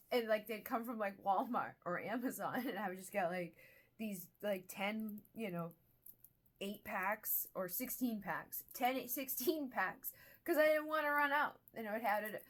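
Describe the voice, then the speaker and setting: A woman's voice: medium pitch, fairly bright tone. Candid swearing woman hosting a wellness talk. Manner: candid and swearing, with restarts and quoted self-talk. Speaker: wellness video host. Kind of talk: casual self-help talk to camera.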